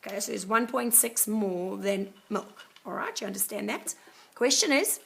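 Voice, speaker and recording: Croaky-voiced woman teaching math. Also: mid-range voice, normal speed, fairly bright tone. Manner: chatty, repeats okay and so. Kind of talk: casual classroom explanation.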